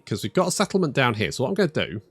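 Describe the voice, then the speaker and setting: A man's voice: medium pitch, wildly swooping pitch, racing, a bit bright, husky. A man giving casual commentary while playing a strategy game, thinking aloud, restarting phrases, swearing freely and making dry jokes at his own expense. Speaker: strategy game let's player.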